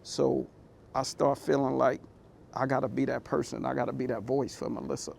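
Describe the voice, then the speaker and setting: Gravelly-voiced man telling his story. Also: medium pitch, steady tone, normal speed, darkish tone, a little hiss or hum. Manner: candid, conversational, heartfelt. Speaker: motivational speaker. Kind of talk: personal storytelling talk.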